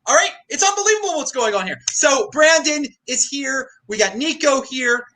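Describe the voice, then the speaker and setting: Male host, hyped live-stream, ranting, animated pitch. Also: normal speed. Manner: excitable, exclamatory, ranting. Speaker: show host.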